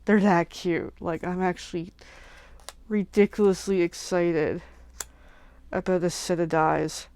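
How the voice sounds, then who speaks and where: A woman crafter chatting casually while making cards, gushing with excitement and slipping into whispers over cute things. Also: fairly low pitch, a little slow, long pauses, clear, resonant tone, dry recording. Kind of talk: casual crafting livestream chat.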